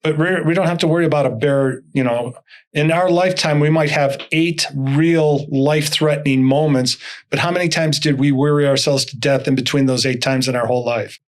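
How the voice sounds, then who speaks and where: Older male guest speaker, slightly high voice, animated storyteller who voices the people in his anecdotes. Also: fairly quick. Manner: animated, acts out dialogue in stories. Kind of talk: storytelling interview talk.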